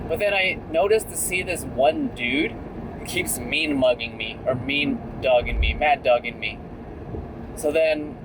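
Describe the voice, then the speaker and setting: A man's voice: mid-range voice, noisy background. A young man talking candidly in a casual vlog while driving, full of "like" and "right?". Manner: chatty and candid, many fillers like "like" and "right?". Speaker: vlogger.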